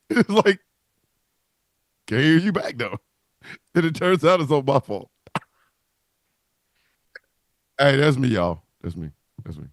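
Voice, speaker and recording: A man's voice: mid-range voice, slow pace, long pauses, no room sound. A man co-hosting a wrestling talk livestream, joking and cursing in casual banter over a video call. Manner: profane, joking, animated.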